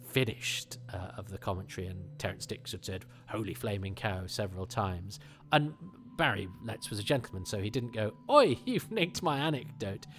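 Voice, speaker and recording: This podcast host, a middle-aged man from England, has a voice on the low side with a fairly bright tone. His casual talk wanders, full of fillers, self-interruptions, and fresh starts.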